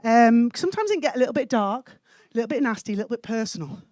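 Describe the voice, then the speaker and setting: A woman from Wales performing a cheeky stand-up set, landing punchlines deadpan on a comedy club stage. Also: a little high, fast, no echo.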